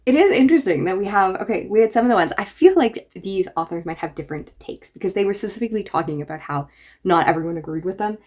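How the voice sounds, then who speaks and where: A woman's voice: medium pitch, expressive, quick pace, darkish tone. A woman book reviewer talking casually and enthusiastically in a reaction vlog. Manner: enthusiastic, chatty.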